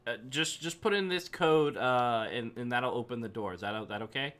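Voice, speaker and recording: A man voicing a female doctor who gives hurried, reassuring instructions in a tabletop game. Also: medium pitch, fairly bright tone, lightly acted. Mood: urgent. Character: female doctor, calm and urgent.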